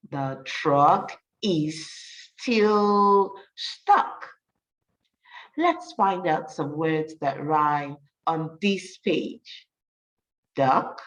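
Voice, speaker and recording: A woman reading a picture book aloud to young children as a teacher, slowly and encouragingly, stopping to practise rhyming words. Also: low-pitched, distant mic, low-quality recording. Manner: slow, sing-song and encouraging, praises often. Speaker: storyteller and teacher.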